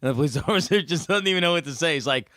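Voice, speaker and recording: A New Jersey man co-hosts a casual podcast chat, acting out quotes as he tells stories and laughing often. His voice sits a little high, and the sound is dry and close to the mic. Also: very fast, dry recording. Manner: animated storyteller, acts out quotes, laughs often. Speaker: podcast co-host.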